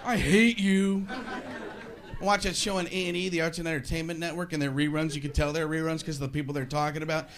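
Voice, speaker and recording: A man doing a stand-up comedy routine in an animated way, slipping into mock voices, with audience laughter behind him. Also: fairly high pitch, rapid-fire, few pauses. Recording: live club set with crowd.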